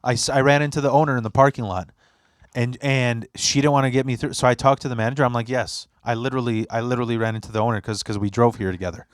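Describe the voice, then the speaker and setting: At a quick pace and medium pitch, a young podcast host tells stories in casual talk, acting out quotes with animation and swearing heavily. The recording is dry with clean studio sound.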